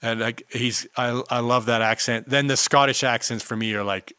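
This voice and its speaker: A man's voice: mid-range voice, steady tone, normal speed, pushed and bright, smooth, dry recording, clean studio sound. A man co-hosting a podcast, enthusiastic and casual, swearing freely and saying "like" a lot. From South Africa. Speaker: podcast co-host. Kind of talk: casual chat.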